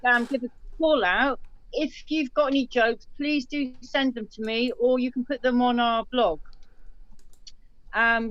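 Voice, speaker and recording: A woman hosts a casual online get-together, reading out listeners' jokes one after another and stumbling over a word now and then. Her voice sits a little high. The sound is dry and somewhat muffled, like a lo-fi call recording. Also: fairly bright tone, no room sound. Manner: chatty, reads jokes aloud with small slips and restarts. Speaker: host telling listener jokes.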